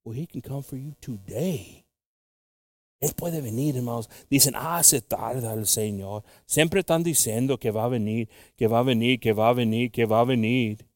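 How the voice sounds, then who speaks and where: A male preacher delivering a bilingual sermon, moving from quiet, halting, intimate talk to loud, slow, drawn-out scripture reading. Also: medium pitch, no echo. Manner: halting, with frequent fillers and restarts.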